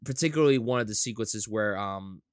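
A man's voice: on the low side, brisk, clear, resonant tone, dry recording, clean studio sound. A man appearing as a podcast guest, talking enthusiastically and animatedly about scenes he loved. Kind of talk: casual chat.

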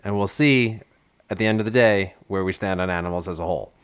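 A man's voice: low-pitched, fast, clear, resonant tone. A man hosting a casual podcast, introducing the show with a wry, playful delivery. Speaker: podcast host. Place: New York.

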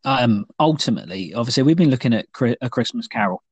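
A man's voice: medium pitch, animated, quick pace, a little mellow, slightly rough, no echo, dull audio. A man co-hosting a podcast in casual chat, talking in a rambling, playful way with many fillers. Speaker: podcast co-host.

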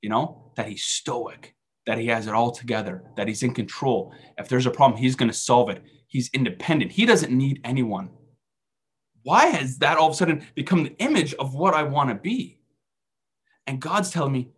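A man speaks at a faith meeting in a relaxed, conversational way. His voice is husky and sits at a middle pitch. He tells self-deprecating stories and keeps asking his listeners rhetorical questions. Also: normal speed. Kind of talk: conversational sermon talk.

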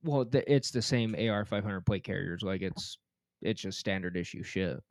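A man's voice: sits low, moderate pace, no echo, clean studio sound. A man co-hosting a podcast, telling crude stories in a casual chat, swearing freely and laughing as he goes. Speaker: podcast co-host.

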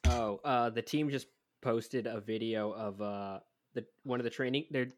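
A man co-hosting a casual sports podcast, talking haltingly with many ums and uhs. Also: medium pitch, no echo, clean studio sound. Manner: hesitant, halting with fillers.

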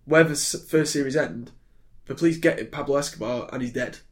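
A British man co-hosts a casual film podcast, speaking briskly in a mid-range voice and rambling along with plenty of ums and restarts.

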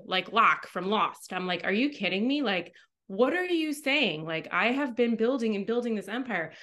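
Casting: woman podcast co-host, mid-range voice, casual and animated, plays her own inner voice in quick bursts. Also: medium pitch. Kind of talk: casual chat.

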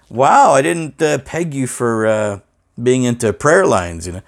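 A man hosting a casual comedic interview, teasing and deadpan, swearing freely. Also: medium pitch, unhurried, creaky. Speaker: host.

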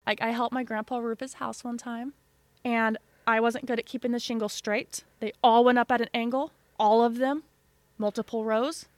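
A woman's voice: a little high, level tone, moderate pace, no room sound. A woman from a small town co-hosting a casual podcast chat, wry, swearing casually and acting out quotes in her stories.

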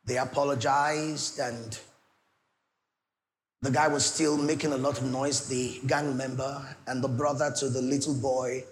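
A middle-aged Nigerian man preaching a sermon, swinging between loud declarations and soft pleading asides. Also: medium pitch, level tone, a little slow, slight background noise. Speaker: pastor.

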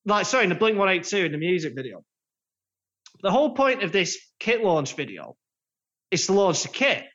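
A man's voice: high-pitched, fairly bright tone. A man co-hosting a football podcast, bantering with a sarcastic edge. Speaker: podcast co-host. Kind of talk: casual football podcast chat. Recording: dull lo-fi sound.

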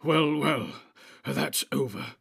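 Guy reading as a stern old wizard barking orders, husky and a bit breathy, audiobook style. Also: mid-range voice, takes it slowly, exaggerated voice. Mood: weary. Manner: urgent, forceful commands.

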